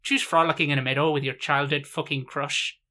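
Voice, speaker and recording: A man's voice: fairly high pitch, steady tone, a little fast, sharp tone. A man delivering a sweary comic parody monologue in a rhythmic, listing cadence.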